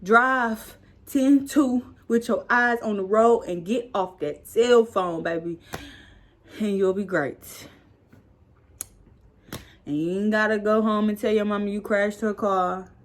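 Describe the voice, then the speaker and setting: A young woman vlogger telling a story casually, animated and acting out the dialogue. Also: medium pitch, slow pace.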